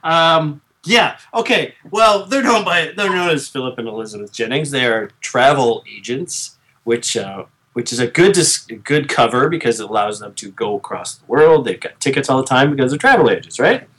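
A man in his thirties co-hosts a podcast, chatting casually in a rambling style full of restarts and fillers, and he laughs easily. His medium-pitched voice is animated and fairly bright, with a moderate pace and few pauses.

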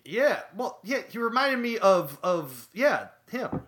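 Male podcast co-host, bright and crisp tone, casual halting delivery. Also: sits high, big pitch swings. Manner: halting, repeats words, searches for names. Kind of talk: casual chat recapping a TV episode.

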